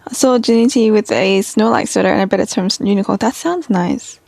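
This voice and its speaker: A woman's voice: mid-range voice, moderate pace, vocal fry, darkish tone, no room sound. A young adult woman streaming from home, chatting casually and rambling with lots of fillers. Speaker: live streamer. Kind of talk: casual live-stream chat.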